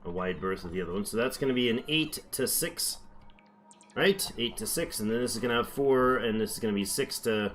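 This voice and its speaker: A man's voice: fairly low pitch, a little fast, fairly bright tone, a little hiss or hum. A man giving casual gameplay commentary, chatty and thinking aloud as he builds, now and then slipping into playful accents. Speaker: gameplay streamer.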